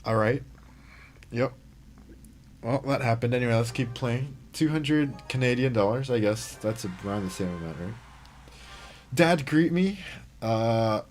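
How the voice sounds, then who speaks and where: A man's voice: mid-range voice, a little mellow. A young man livestreaming a mobile game, chatting casually, reading chat and reacting to plays.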